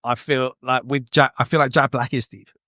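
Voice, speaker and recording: A man's voice: mid-range voice, level tone, moderate pace, sharp tone, no echo, studio quality. A British man hosting a podcast in a casual, playful and jokey way. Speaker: podcast host. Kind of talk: casual chat.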